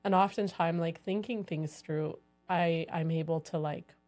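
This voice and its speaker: Reflective woman podcast co-host, lowish voice. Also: steady tone, measured pace, darkish tone. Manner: reflective, says "like" often. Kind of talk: casual conversation.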